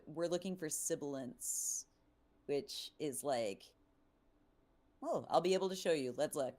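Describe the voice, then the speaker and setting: A woman's voice: deep voice, a little slow, a little mellow, a little hiss or hum. A woman producer casually explaining how she mixes a vocal, talking with lots of fillers. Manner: chatty, explains with fillers, calls out numbers. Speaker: music producer teaching mixing. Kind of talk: casual studio tutorial.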